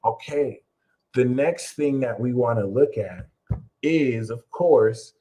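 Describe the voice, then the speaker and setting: A man giving a loose astrology reading at an ordinary speaking pitch. He rambles, swears freely and keeps coming back to his favorite catchphrases with a joking edge. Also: slow, dark tone, low-quality recording. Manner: rambling, profane and jokey, with repeated catchphrases. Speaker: astrology reader and channel host. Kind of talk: casual astrology commentary.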